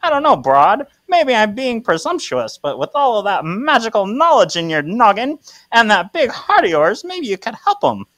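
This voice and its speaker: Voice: mid-range voice, big pitch swings, moderate pace, fairly bright tone, no echo. A podcast co-host putting on an old-fashioned tough-talking man with a trans-Atlantic lilt and 1940s slang. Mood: earnest. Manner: 1940s film slang, clipped and brash.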